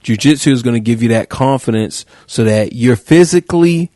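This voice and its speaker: A man hosting a podcast, riffing in a joking, slangy, animated way. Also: mid-range voice, brisk, dry recording, studio quality. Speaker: podcast host. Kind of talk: casual podcast chat.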